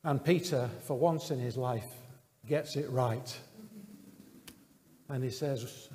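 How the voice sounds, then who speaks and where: A man preaching a sermon in an earnest, measured way, with pauses and fillers. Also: mid-range voice, darkish tone, long reverb tail.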